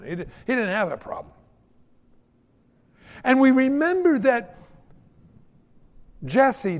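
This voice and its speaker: A man preaching a sermon in an animated, folksy storytelling manner, acting out the quotes. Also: high voice, big-room sound.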